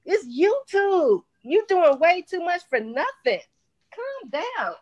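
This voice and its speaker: A woman on a live online panel, arguing heatedly and repeating herself as she tells someone to calm down. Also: extremely high pitch, takes it slowly. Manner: repetitive, exasperated, keeps telling the other to calm down. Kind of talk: heated live-stream argument. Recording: muffled lo-fi online call audio.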